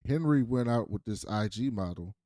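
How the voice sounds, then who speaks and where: A man's voice: fairly low pitch, normal speed. A man co-hosting a casual TV recap podcast, retelling scenes and acting out the characters' lines. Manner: animated storytelling, acts out characters' lines. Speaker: podcast co-host.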